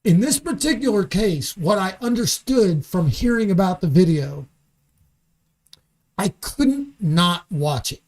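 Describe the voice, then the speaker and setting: A man's voice: sits high, lively intonation, measured pace, darkish tone. A man as a podcast guest in a studio, talking in an angry, profane rant and often restarting his sentences. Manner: repeats words and restarts sentences. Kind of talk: casual podcast conversation.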